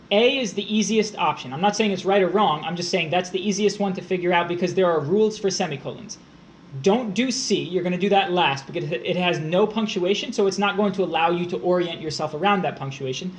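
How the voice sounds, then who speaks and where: A test prep tutor with a high-pitched male voice runs a live-streamed grammar lesson, moving through punctuation rules step by step. He pauses now and then to respond to viewers in the chat, and a faint hiss lies beneath his speech.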